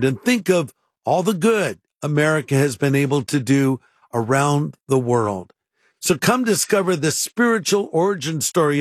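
A man's voice: fairly high pitch, no echo, studio quality. An older man, a pastor on a radio program, earnestly leading a prayer and talking about faith and history. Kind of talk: radio sermon and pitch talk.

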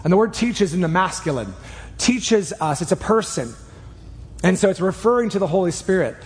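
A man preaching a sermon in a church, earnest and emphatic, speeding up and slowing down as he drives each point home. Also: sits high, lively intonation, in a large hall. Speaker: pastor. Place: church sanctuary. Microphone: clip mic.

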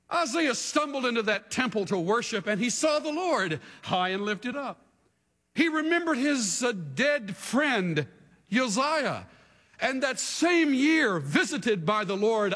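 A long reverb tail trails the high voice of a male preacher giving a sermon. He moves from hushed asides to shouts and leads his congregation in call-and-response.

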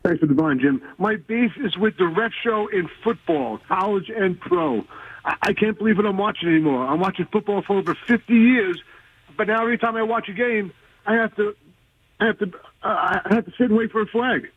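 A man's voice: sits high, brisk, slightly rough, no echo. An older man with a touch of a New York accent, calling in to vent about something, exasperated and repeating himself. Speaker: caller. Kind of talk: call-in rant. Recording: tinny phone line.

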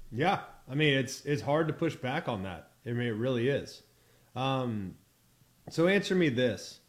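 A man co-hosting a football talk show, speaking in a relaxed way and asking his co-host questions. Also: mid-range voice, measured pace. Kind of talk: casual sports chat.

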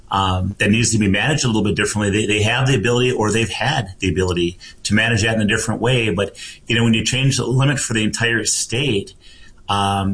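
A man appearing as a tourism representative guest, talking in an easygoing, measured way with many fillers. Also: lowish voice, a bit bright, slight background noise, poor audio. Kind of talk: casual chat.

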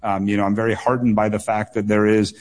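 A man with a slightly low voice answers questions as a political candidate on call-in radio. He speaks earnestly and in measured phrases, and he often doubles words and leans on fillers as he works through a point. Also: flat delivery, a little mellow. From United States.

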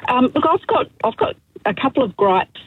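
A woman's voice: high voice, big pitch swings, normal speed, background noise. A woman calling a radio show, hesitant and complaining about pronunciation. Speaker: caller. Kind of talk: radio talkback call. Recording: tinny phone line.

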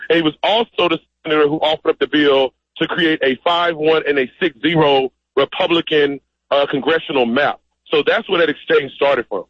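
A man's voice: a little high, fairly even intonation, normal speed, breathy edge, no echo. A man speaking as a guest on a radio call-in show over the phone, emphatic and direct. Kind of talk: call-in interview. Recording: muffled phone line.

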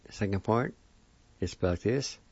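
A man speaks slowly, spelling out each word and repeating its pronunciation for learners. His voice sits low and mellow. The recording is dry and dull, with little high end. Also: breathy edge, no echo. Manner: slow, careful, spells letter by letter and repeats words. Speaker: language teacher. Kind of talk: slow spelled-out vocabulary lesson.

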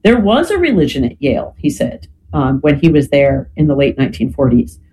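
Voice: mid-range voice, sing-song, fairly quick, mellow, a little hiss or hum, poor audio. A lecturer giving an explanatory talk, often checking in with "right?" and filling gaps with "you know".

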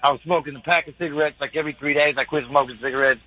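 An excitable male caller who rambles in slang, talking fast in a slightly husky voice. His call comes through dry and dull, as over a radio line. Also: fairly high pitch, dry recording. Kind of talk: casual call-in chat.

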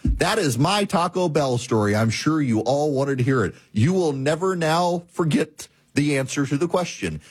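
A male talk show host telling a story and giving commentary in a measured, repetitive cadence. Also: fairly high pitch, animated, husky, no room sound.

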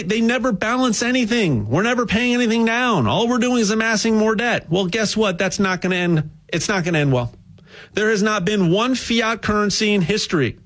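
A man giving a rambling, jokey sales pitch for buying gold, full of restarts and repeated words. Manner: animated, repetitive restarts, jokey asides. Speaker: gold dealer spokesman.

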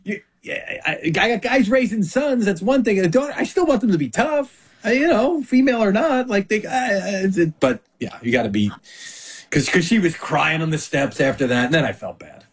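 Lively, husky-voiced man telling stories. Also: high voice, brisk. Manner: animated storyteller, acts out quotes. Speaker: sports media guest. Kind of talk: casual chat.

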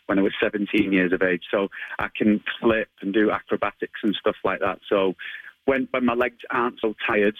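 A man's voice: lowish voice, steady tone, normal speed, no room sound, narrow, tinny audio. Chatty Mancunian man, laughing easily. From England. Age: 30s. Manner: chatty, laughing, lots of ums and restarts. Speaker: martial arts school owner, guest. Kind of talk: casual interview.

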